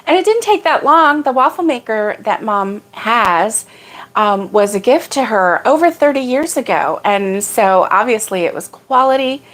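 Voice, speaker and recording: Chatty woman hosting a homey livestream. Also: medium pitch. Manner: rambling and homey, greets viewers by name in a lifted voice. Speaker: livestream host. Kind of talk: casual morning livestream chat.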